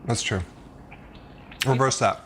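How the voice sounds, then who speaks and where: A man's voice: medium pitch, takes it slowly, fairly bright tone. Male video host; casual, understated, dryly joking delivery; faint noise behind. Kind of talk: casual chat on camera.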